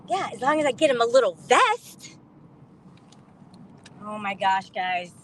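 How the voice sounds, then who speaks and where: A high-pitched woman in middle age tells a story with big, lively swings in her voice. She is indignant and animated and acts out everyone's lines as she goes. Faint vehicle noise hums in the background. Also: moderate pace, low-quality recording. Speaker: vlogger telling a story. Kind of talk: casual storytime monologue.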